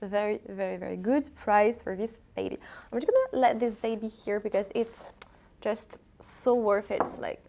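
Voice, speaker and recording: A woman's voice: mid-range voice, moderate pace, gravelly, background noise. A woman from France with a French accent, casually showing secondhand bags in a vlog and talking with hesitant, chatty restarts. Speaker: vlogger selling secondhand luxury bags. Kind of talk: casual product showcase.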